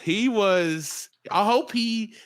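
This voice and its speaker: A man's voice: high voice, extremely slow. A young man co-hosting a podcast, talking in a slangy, laughing, storytelling way. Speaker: podcast co-host. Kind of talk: casual chat.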